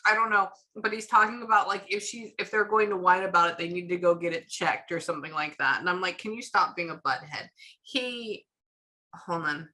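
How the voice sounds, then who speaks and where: A woman working as a psychic medium, chatting casually through a reading and retelling what she hears in quick bursts. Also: on the low side, bright, forceful tone, poor audio.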